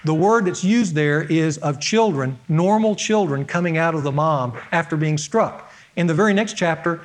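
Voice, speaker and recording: A man's voice: on the high side, moderate pace. A man preaching a sermon to his congregation from an outline, earnest and emphatic, stressing key words. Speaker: pastor.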